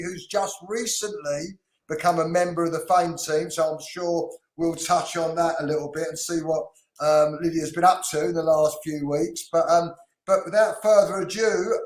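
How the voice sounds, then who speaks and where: Brief: upbeat British male host, slightly high voice, echoey room, video call. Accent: British English. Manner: chatty, upbeat, drops lots of ums. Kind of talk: live online class, greeting viewers.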